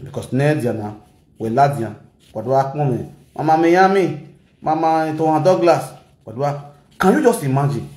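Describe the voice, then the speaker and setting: A man with a Nigerian Pidgin English accent giving animated gossip commentary, switching languages and mimicking people. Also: a little high, moderate pace, reverberant. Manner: animated, mixes Pidgin and Yoruba, shouts and mimics. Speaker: gossip vlogger. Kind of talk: excitable commentary vlog.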